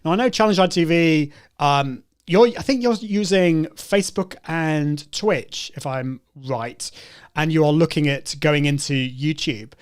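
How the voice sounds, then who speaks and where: A man hosting a live stream, friendly and talkative as he picks up viewer comments. His voice sits a little high for a man. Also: a little slow, clear, resonant tone. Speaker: host. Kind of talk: casual live-stream chat.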